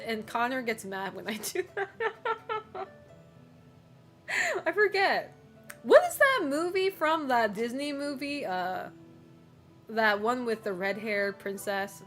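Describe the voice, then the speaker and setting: A woman's voice: fairly high pitch, sharp tone. A woman streamer chatting casually with her viewers, rambling with lots of fillers and giggling often.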